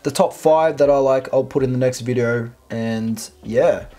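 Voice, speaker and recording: A man's voice: medium pitch, moderate pace, dark tone. A man hosting a video, reading out a post and commenting on it in a blunt, sarcastic, profane way. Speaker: video host.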